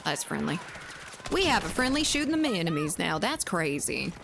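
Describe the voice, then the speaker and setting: Southern woman streamer with a lively pitch. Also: normal speed, gravelly, background noise. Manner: rambling and hesitant, with frequent fillers and casual swearing. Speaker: game streamer. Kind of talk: casual live-stream chat.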